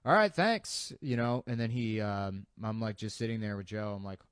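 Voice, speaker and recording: A man's voice: on the low side, flat delivery, brisk, a little mellow, clean tone, no echo, studio quality. A man in casual chat, telling a profane story in a laid-back way. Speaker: comedian telling stories.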